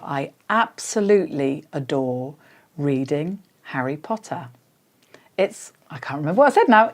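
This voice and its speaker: Low-voiced English RP woman coaching. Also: darkish tone. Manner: patient, explanatory, with frequent fillers. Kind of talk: casual spoken lesson.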